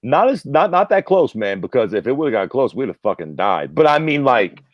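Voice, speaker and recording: A man's voice: mid-range voice, very animated, fairly quick, no room sound, highs cut off. Profane storytelling podcast guy, dry sound. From Ohio, USA. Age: 30s. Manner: profane, storytelling, acts out quotes. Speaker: podcast co-host. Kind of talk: casual chat.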